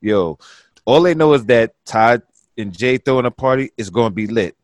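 A man's voice: medium pitch, expressive, normal speed, no echo. A man in his thirties, once a party promoter, reminiscing in casual chat, laid-back and drawn out, saying "listen, man" often.

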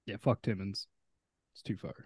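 Mellow low-voiced podcast host. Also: male voice, steady tone, normal speed, husky, dry recording, studio quality. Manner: laid-back, swears casually, laughs often. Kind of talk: casual podcast chat.

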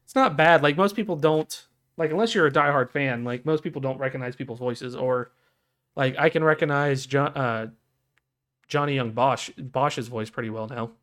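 A man co-hosts a casual podcast, chatting in a rambling way packed with fillers and restarts. His voice is medium-pitched and a bit bright, at a moderate pace.

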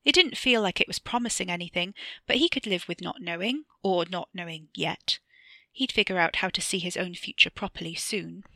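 A woman narrating her own short story aloud, measured and even. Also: lowish voice, dry recording. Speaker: author reading her story.

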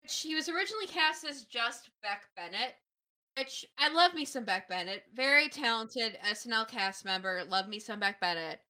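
A woman co-hosting a casual podcast, with a bright, ringing voice pitched a touch high. She jokes in a playful, deadpan way. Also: moderate pace. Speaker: podcast co-host.

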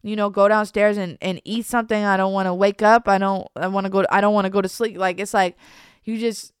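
Young female vlogger, confessional chat, subdued and hesitant delivery, clear smooth tone, dry close sound. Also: medium pitch, fairly even intonation, no echo. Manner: halting, trails off, many restarts and fillers; soft and downcast, at times nearly whispering.

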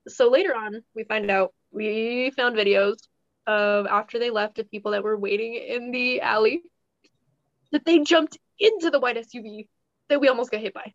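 A woman co-hosting a podcast, telling a story in a rambling, animated casual way and laughing as she goes. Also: a little high, moderate pace, no echo, muffled recording. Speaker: podcast co-host.

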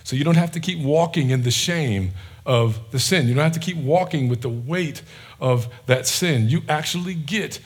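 A man preaching a sermon as a pastor, swinging from loud, emphatic lines to quiet, near-whispered ones. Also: a little high, moderate pace, slightly rough.

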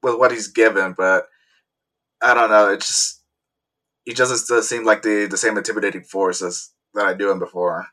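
A man's voice: lowish voice, steady tone, normal speed, bright, forceful tone. A man co-hosting a podcast in casual chat, hesitant and stuttering now and then. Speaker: podcast co-host.

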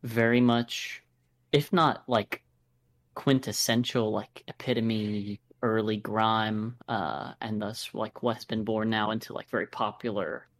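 A man's voice: on the low side, fairly even intonation, unhurried. An American man co-hosting a podcast, chatting casually about an album with many fillers and restarts. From United States. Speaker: podcast co-host. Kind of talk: casual review chat.

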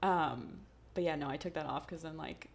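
Young woman podcast host, lower pitch, chatty and giggly, casual storytelling. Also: normal speed, gravelly. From Texas, USA. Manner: chatty, laughing, heavy use of "like". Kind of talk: casual chat.

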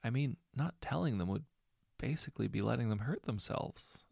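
A man's voice: medium pitch, expressive, moderate pace, gravelly, darkish tone, husky, no room sound, clean studio sound. A man playing a hesitant, uneasy scientist. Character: hesitant male scientist with a conscience.

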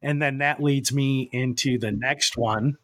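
A man's voice: medium pitch, steady tone, a little slow, fairly bright tone, dry recording. A man hosting a podcast, rambling through stories and chuckling as he goes. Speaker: podcast host. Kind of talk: casual chat.

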